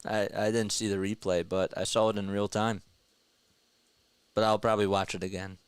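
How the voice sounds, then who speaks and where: A young man hosting a casual baseball fan livestream, excitedly talking to his chat. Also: on the low side, normal speed, smooth, no room sound. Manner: excited, animated, talks to chat as "bro" and "man". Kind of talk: casual post-game fan talk, reading chat.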